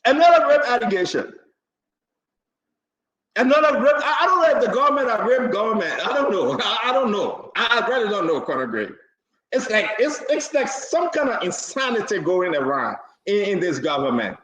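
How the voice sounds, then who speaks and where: A man's voice: high-pitched, sing-song, moderate pace, fairly bright tone, echoey room, low-quality recording. A man, hosting a live talk show and hammering his points with repeated phrases. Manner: emphatic, repeats phrases, laughs between points.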